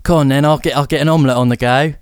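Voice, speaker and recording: A man's voice: mid-range voice, fairly even intonation, rapid-fire, clear, resonant tone, dry recording, studio quality, natural voice. A man with a Cockney accent playing a bumbling, laddish sidekick in an improvised comedy sketch. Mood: chummy. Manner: laddish, chummy, calls people mate. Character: bumbling male Cockney sidekick Professor Winston.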